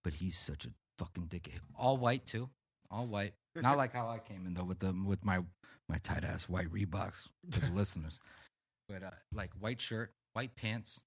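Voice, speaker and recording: A man's voice: low-pitched, normal speed, no echo, clean studio sound. A man on a podcast telling a profane, rambling story in casual chat. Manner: rambling, profane, animated anecdotes. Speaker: podcast co-host.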